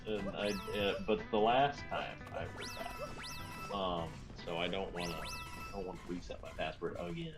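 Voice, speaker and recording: A sick man with a scratchy, hoarse voice, rambling playfully in casual chat on a stream. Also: low voice, moderate pace. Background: game music.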